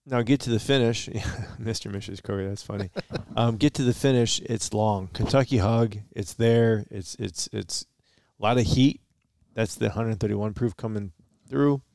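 Smooth low-voiced man, dry close mic. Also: moderate pace, darkish tone, no echo. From Michigan. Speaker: podcast co-host. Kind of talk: casual chat.

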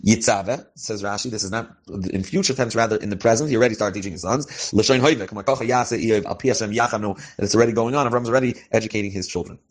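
A man with a somewhat low voice teaches briskly, moving quickly from phrase to phrase. He reads each line with a pronunciation, then translates and explains it, often restarting his sentences as he goes. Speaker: Torah teacher. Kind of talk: line-by-line text study, mixing Hebrew and English.

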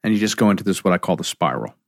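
A man's voice: low voice, very fast, creaky, no echo, clean studio sound. A middle-aged man, a counselor, talking reflectively about emotional triggers and acting out quoted conversations. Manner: animated storyteller, acts out quoted dialogue.

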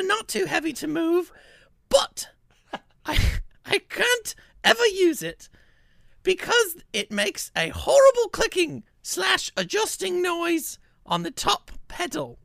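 A woman voicing a young office worker reading her own complaint review, in a high, piercing, plaintive voice. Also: vocal fry, a bit bright, no echo, studio quality, exaggerated voice.

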